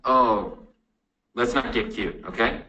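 A man's voice: medium pitch, slow pace, pushed and bright. An actor playing a sarcastic, condescending male police officer in a comedy sketch. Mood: mocking. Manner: mocking, condescending. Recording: roomy, distant video playback.

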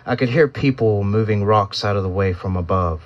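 A low-voiced man reads a first-person story aloud in a solemn, measured way. The recording sounds dull and lo-fi. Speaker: narrator. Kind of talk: first-person audiobook narration.

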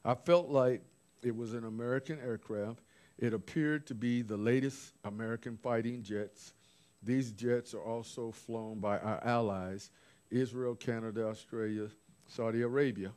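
A man's voice: mid-range voice, steady tone, moderate pace, darkish tone, clear, resonant tone. A man preaching informally, recounting visions from his notes with restarts and asides. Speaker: apostle preaching. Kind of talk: sermon.

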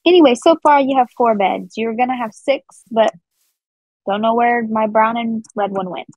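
A woman's voice: on the high side, normal speed, a little mellow, dry recording. A woman co-hosting a casual gameplay chat, teasing and chatty and laughing often. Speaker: gaming channel co-host.

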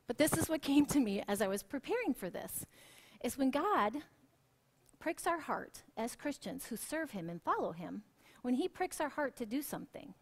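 A woman worship leader preaching a sermon in a church, telling stories with lively acted quotes. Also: a little high.

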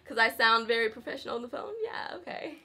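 A young Southern woman talks straight to her camera from home in a loose, candid way, full of asides to her viewers. Her voice is bright and sits a little high for a woman. Her country accent comes through plainly. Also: steady tone, quick pace. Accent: Southern American. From Southern United States, rural. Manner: chatty, candid, frequent laughs, says y'all. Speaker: vlogger. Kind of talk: casual chat to camera.

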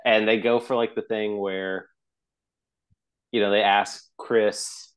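A man's voice: fairly low pitch, little pitch movement, takes it slowly, smooth. A man co-hosting a podcast, chatting casually about a film and acting out scenes in little quoted voices. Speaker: podcast co-host. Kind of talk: casual chat about a movie.

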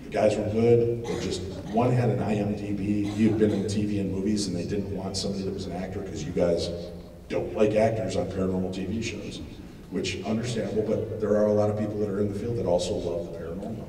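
A middle-aged man telling animated, joking stories to a live audience as a paranormal TV host, with loud outbursts. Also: fairly low pitch, fast talker. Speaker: paranormal TV host giving a lecture. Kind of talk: storytelling talk to a live audience. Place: large expo hall. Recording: echoey hall, distant mic, noisy.

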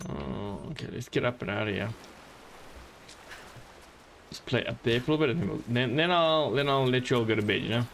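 A man's voice: mid-range voice, a little fast, creaky, long pauses, a bit bright, faint music behind. A man streaming a game, chatting casually in a joking, rambling way and swearing often. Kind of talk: casual gameplay commentary.

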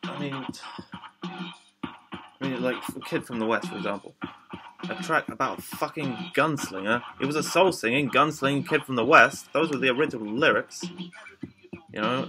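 A man's voice: mid-range voice, moderate pace, pauses often, low-quality recording. Profane rambling young man over music. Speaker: rapper. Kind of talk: ranting vlog monologue.

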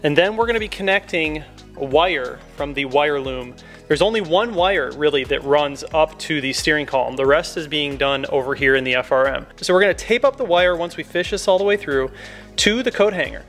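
Chatting to his viewers, whom he calls "guys," a young car modification vlogger works inside a car and explains an install step by step. The tutorial is casual and upbeat. His voice is a little high, a little fast, and fairly bright, with faint music behind him.

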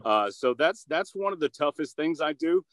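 A man's voice: on the high side, animated, moderate pace, fairly bright tone, dry recording. A man who is a voice actor and commercial producer, answering interview questions in an upbeat, goofy way, with lots of fillers and restarts. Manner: upbeat and goofy, with many fillers and repeated starts.

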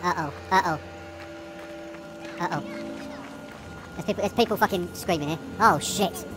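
Over music, a woman with a lowish voice speaks at a normal speed as she plays a horror game for a let's play. Her commentary is nervous and jumpy, with frequent swearing and laughter through the fear.

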